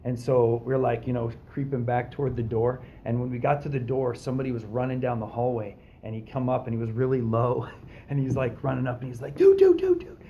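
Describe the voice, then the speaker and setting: A man's voice: medium pitch, a little fast, highs cut off, a little hiss or hum. A man co-hosting a podcast, telling a story in casual chat and acting out the voices of the people in it. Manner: animated, acts out quoted voices, frequent fillers.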